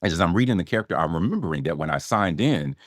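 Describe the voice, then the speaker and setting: Animated middle-aged man telling a story. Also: low voice, rapid-fire, no room sound, studio quality. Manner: animated, acts out his own past lines with swearing and laughter. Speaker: actor guest. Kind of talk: storytelling podcast interview.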